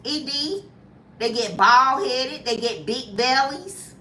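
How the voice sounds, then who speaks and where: A woman in her fifties chatting casually as a lifestyle vlogger, animated and jumping to high squeals when acting out reactions. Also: slow pace, roomy sound, far from the mic, slight background noise. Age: 50s. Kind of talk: casual chat.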